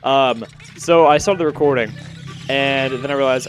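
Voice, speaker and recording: A man's voice: medium pitch, normal speed, soft background music. A young man, out of breath, rambling chattily as he commentates a video game playthrough. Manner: rambling, self-correcting, chatty. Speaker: let's play host. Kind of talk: casual gameplay commentary.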